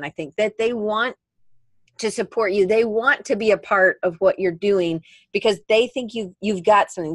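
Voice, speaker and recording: A woman's voice: mid-range voice, no room sound. A woman co-hosting a podcast in casual chat, rambling and correcting herself as she talks. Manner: chatty, rambling, self-correcting. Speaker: podcast co-host.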